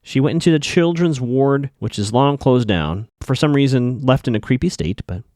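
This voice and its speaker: A man recapping a TV episode in a loose, chatty way, full of "uh" and "like", now and then playing out lines from the scenes. His pitch jumps around a lot as he talks. The sound is dry and close, with little room echo. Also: lively intonation, moderate pace, a little mellow. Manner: chatty, loose, many fillers, acts out characters' lines in passing. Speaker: podcast host recapping a TV episode. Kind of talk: casual solo recap.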